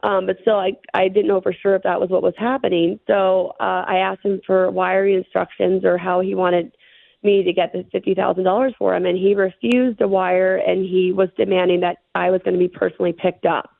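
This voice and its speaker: A middle-aged woman appears as an interview guest, earnestly recounting a personal ordeal in a rushed way with lots of fillers. Her mid-range voice is level with vocal fry, and the recording is dry with a thin, phone-line sound.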